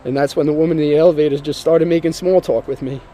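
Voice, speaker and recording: A man's voice: a little high, steady tone, fast, dark tone, slight background noise. A man earnestly and emotionally telling his personal testimony, sometimes repeating himself as he speaks.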